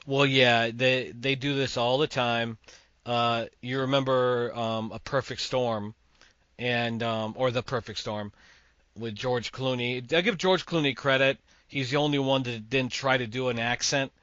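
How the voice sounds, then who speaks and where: A man's voice: medium pitch, steady tone, a little slow, fairly bright tone, clear, resonant tone, no room sound, muffled recording. A man from Massachusetts hosting a podcast, giving opinionated, rambling movie takes. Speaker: podcast host. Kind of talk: casual movie chat.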